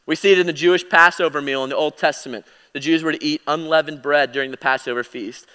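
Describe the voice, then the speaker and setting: A man teaching a Bible lesson in a casual sermon style, full of fillers and self-corrections, with emphatic swings in loudness. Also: a little high, clear, resonant tone, in a large hall. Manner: emphatic, swinging louder and quieter.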